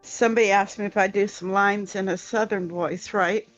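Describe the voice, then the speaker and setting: A woman's voice: mid-range voice, steady tone, moderate pace, faint music behind. A woman co-hosting a podcast who tells stories with animation and laughs often. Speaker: podcast co-host. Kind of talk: casual podcast chat. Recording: muffled lo-fi audio.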